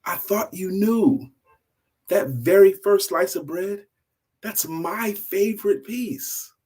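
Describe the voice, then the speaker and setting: A man voicing a gentle elderly husband who talks softly and apologetically. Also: sits high, slow, slightly rough, pitched above the performer's own voice, full character voice. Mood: apologetic. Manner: soft, apologetic.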